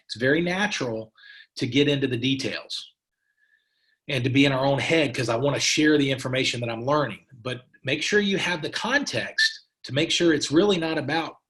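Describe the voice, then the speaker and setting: A middle-aged man coaches sales partners in a motivational training talk. He is emphatic and repeats his key phrases, often restarting his sentences as he pushes his point. His voice sits at an ordinary middle pitch. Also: fairly bright tone. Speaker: company president giving partner training.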